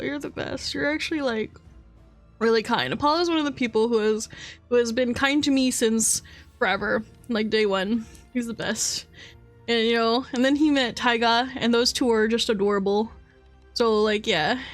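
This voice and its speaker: A woman streamer chatting casually with her viewers. She is excitable and giggly and swears freely. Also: a little high.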